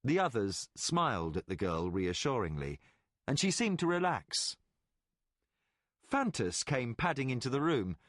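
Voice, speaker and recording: Expressive male audiobook narrator. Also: medium pitch, a little slow, dry recording, studio quality. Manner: expressive, varied storytelling. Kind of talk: scripted fantasy narration.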